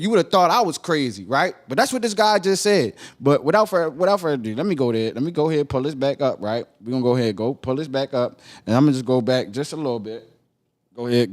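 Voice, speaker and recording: A podcast host with a Baltimore accent and a medium-pitched voice reacts to a video in animated, casual commentary, repeating himself and asking "right?"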